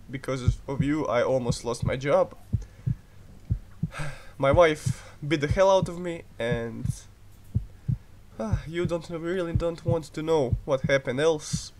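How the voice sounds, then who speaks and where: A man's voice: a little high, noisy background. A man hosting a game video, giving goofy, profane let's-play commentary, taunting a character and letting out sudden yelps. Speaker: gaming video host.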